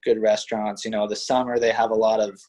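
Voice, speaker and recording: This young man's voice sits on the low side, a bit mellow, with a flat delivery and quick pace. A college wrestler guesting on a casual interview, he speaks modestly and easily in a Pittsburgh-meets-Midwest accent from western Pennsylvania, filling gaps with plenty of "you know" and "like."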